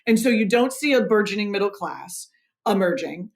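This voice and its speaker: Author guest, female; earnest and emphatic, explains history clearly in an interview. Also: medium pitch, expressive, moderate pace.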